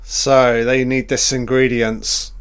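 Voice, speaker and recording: A man giving casual, excitable commentary on a film as he watches it, swearing freely and reacting aloud to each scene. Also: mid-range voice, takes it slowly, smooth.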